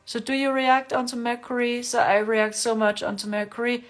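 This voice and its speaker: Gentle soft-spoken woman streamer. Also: a little high, flat delivery, moderate pace. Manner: gentle, repeats words for emphasis. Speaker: livestream host giving spiritual readings. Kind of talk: casual livestream chat.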